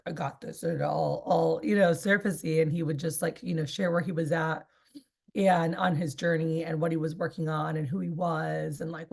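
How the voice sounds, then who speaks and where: A woman's voice: lowish voice, creaky. A woman in her thirties leading a sales training session, chatty and rambling with many fillers. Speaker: sales team leader. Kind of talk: casual training talk.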